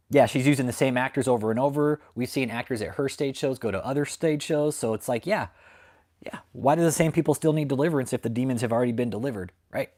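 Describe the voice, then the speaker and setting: With dogs barking close by at home, a U.S. man who runs a channel exposing cult leaders launches into furious, foul-mouthed commentary, confronting his targets and repeating himself. He speaks at a medium pitch with a darkish tone.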